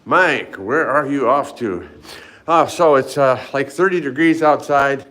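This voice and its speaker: With a medium-pitched, fairly bright voice and a measured pace, an older man talks casually to his live audience. The fitness vlogger walks hotel halls and stairs, naming viewers as he greets them, somewhat short of breath from the stairs.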